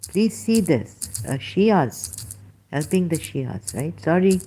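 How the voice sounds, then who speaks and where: A woman giving halting, emotional religious commentary, searching aloud for verses and near tears at times. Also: lowish voice, very animated, mellow, husky. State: close to tears.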